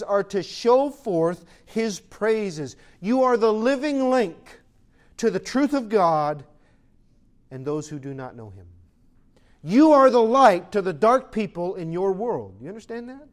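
A high-voiced male pastor delivers a sermon. He reads scripture slowly and deliberately. Then he swings between emphatic, raised declarations and quiet, conversational asides. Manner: preaching with emphatic rises and hushed asides.

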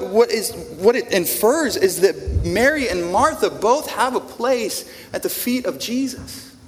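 A man's voice: high voice, a little hiss or hum. Man preaching in a reverberant hall. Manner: conversational, repeats words, asks the congregation questions. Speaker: pastor. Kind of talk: sermon. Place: church in front of a congregation. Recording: long reverb of a large room.

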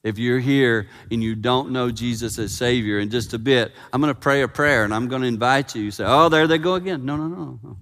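A man preaching a sermon in a church, animated and emphatic, slowing down for his earnest points. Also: medium pitch. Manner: animated, building to loud emphasis, then slow and earnest. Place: church sanctuary. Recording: long reverb in church hall.

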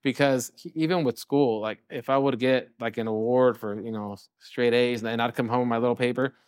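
A man's voice: mid-range voice, fairly even intonation, brisk, clear, resonant tone, dry recording, studio quality. A man, a chef and restaurant co-owner from California, telling stories in a casual interview, full of "you know" fillers. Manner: rambling, fillers like "you know", acts out quotes.

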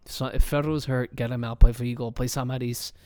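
A man with a medium-pitched, resonant, clear voice talks briskly as the solo host of a casual soccer podcast. He rants like an animated fan, swearing a lot and filling his speech with fillers and restarts. The studio-quality recording has no echo.

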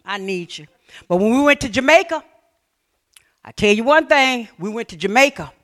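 A woman pastor from Mobile with an Alabama Southern accent, preaching a sermon in a folksy, humorous storytelling manner that swings between loud and hushed. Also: on the high side, lively intonation, normal speed.

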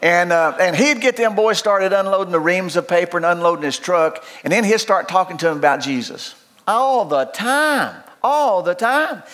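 An older man preaching a sermon in a loud, folksy, emphatic way, often restarting his phrases. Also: high voice, lively intonation, normal speed. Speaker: pastor.

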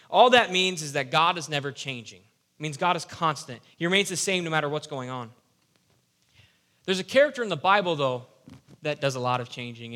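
Bright-voiced young pastor preaching. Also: male voice, on the high side. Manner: animated, conversational preaching with playful asides. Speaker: youth pastor. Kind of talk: sermon.

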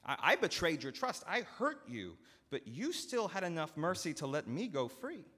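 A man voicing a scheming steward with hurried, eager salesman patter, in a long church reverb. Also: fairly high pitch, big pitch swings, sharp tone, husky, pitched above the performer's own voice, full character voice. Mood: contrite. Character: slick scheming male steward, fast-talking.

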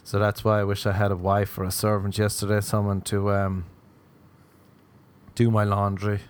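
A young man hosts a solo comedic podcast rant on a podcast microphone, riffing sardonically with frequent swearing and self-mockery. His voice is on the low side, his delivery completely flat, his pace moderate.

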